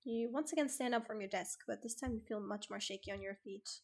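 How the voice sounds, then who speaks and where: A woman streamer reading a dating game aloud and reacting with animated, sweary frustration. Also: fairly high pitch, fast.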